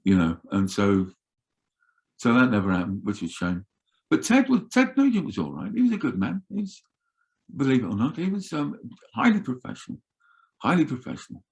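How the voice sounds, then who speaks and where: An older man telling roadie stories in an animated, swearing way as an interview guest. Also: medium pitch, brisk. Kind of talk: casual storytelling.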